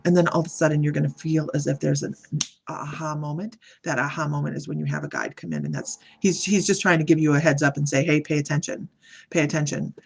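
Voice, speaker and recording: A woman doing a live psychic reading, speaking in a halting, meandering way and greeting viewers by name as she reads their comments. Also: low voice, lively intonation, vocal fry, breathy edge. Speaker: psychic medium.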